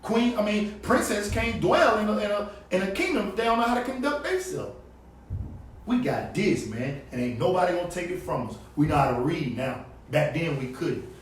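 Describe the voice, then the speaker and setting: A man's voice: sing-song, moderate pace. Fiery man street preaching, echoey and distant. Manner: fiery, emphatic, preachy, swings between loud and low. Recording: echoey, distant outdoor recording with faint background noise.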